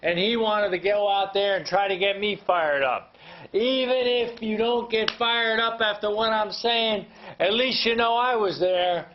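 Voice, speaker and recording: A man's voice: high-pitched, a little slow, slight background noise. A man giving a motivational talk to an audience, emphatic and fired up, speaking to them directly. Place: hall with live audience. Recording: dull lo-fi sound.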